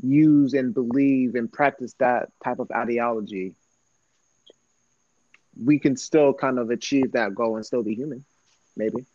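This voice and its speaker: A man's voice: medium pitch, fairly even intonation, unhurried, pauses often, no room sound. A young man co-hosting a podcast in casual chat, filling his talk with "like" and easy slang. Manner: says "like" constantly, laid-back slang. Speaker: podcast co-host. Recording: dry, dull lo-fi sound.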